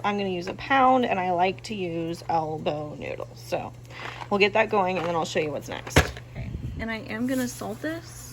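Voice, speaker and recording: Laid back woman talking thru her cooking at home, lots of ums, mid voice, bit of kitchen noise. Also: medium pitch. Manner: chatty, relaxed, wings it with ums and jokes. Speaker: cooking vlogger. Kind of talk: casual cooking vlog chat.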